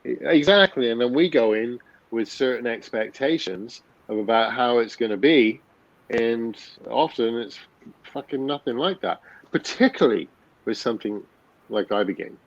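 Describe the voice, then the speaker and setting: A man's voice: mid-range voice, lively intonation, normal speed, no echo, dull audio. Blunt, swearing man in his fifties. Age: 50s. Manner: blunt, swears freely, many restarts. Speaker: guest. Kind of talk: candid conversational storytelling.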